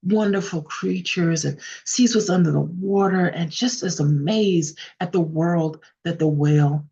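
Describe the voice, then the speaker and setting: A woman storyteller telling a folk tale in an unhurried, earnest way, sometimes correcting herself, over a video call. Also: on the low side, dark tone, muffled recording, slight background noise. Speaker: storyteller, guest speaker. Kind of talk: oral storytelling.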